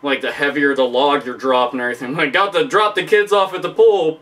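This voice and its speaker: Guy ranting and cussing on his vlog, bright sharp voice, kinda far off the mic. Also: on the high side, fairly quick, hardly any pauses. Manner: profane, rambling, animated, laughs often. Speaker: vlogger. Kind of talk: comedic commentary rant.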